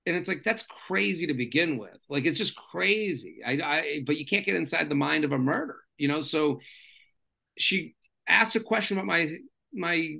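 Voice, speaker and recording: Brief: male comedian guest, casual chat, slightly high, gravelly tone, loose and rambling. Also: normal speed. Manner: rambling, filler-heavy, animated storyteller.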